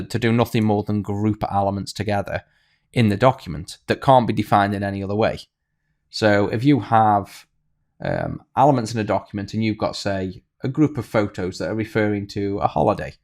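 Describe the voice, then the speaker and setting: A man's voice: on the low side, darkish tone. A man teaching a coding tutorial over a screen recording, thinking aloud with fillers and restarts. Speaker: programming tutor.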